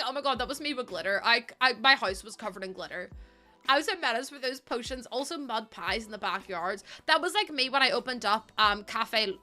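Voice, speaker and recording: A woman's voice: a little high, pushed and bright. A young woman streaming a game, chatting casually and giggling through rambling stories. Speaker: live streamer. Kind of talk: casual chat while gaming.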